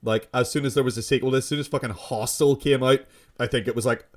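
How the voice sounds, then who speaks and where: A man's voice: mid-range voice, fairly even intonation, fast. A man co-hosting a casual film podcast, giving frank, opinionated takes and swearing casually. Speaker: podcast co-host.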